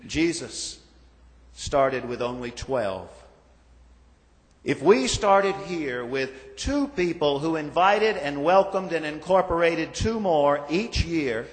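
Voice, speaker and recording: A male pastor delivers a sermon in a measured, deliberate cadence, drawing out lists of words and letting his lines fall away. His voice sits a touch high for a man. Long reverb from the sanctuary trails each phrase. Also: animated. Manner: measured preaching with slow emphatic lists and falling endings. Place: church sanctuary.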